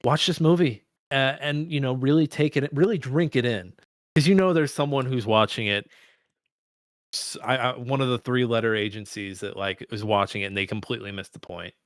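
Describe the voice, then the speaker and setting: A man co-hosting a film podcast, talking in a profane, excitable, rambling way. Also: medium pitch, moderate pace, no echo, clean studio sound. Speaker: podcast co-host. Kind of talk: casual film discussion.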